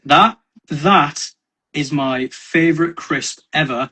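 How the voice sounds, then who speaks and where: A man from North East England, a podcast guest chatting casually and rambling with many pauses and restarts. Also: fairly high pitch, bright, forceful tone, slightly rough. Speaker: podcast guest, miniature painter.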